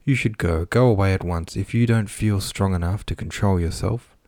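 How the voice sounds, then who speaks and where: Gentle tearful countess, read by a man. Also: low-pitched, moderate pace, no room sound, clean studio sound. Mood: tearful pleading. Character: grieving gentle young countess, wife.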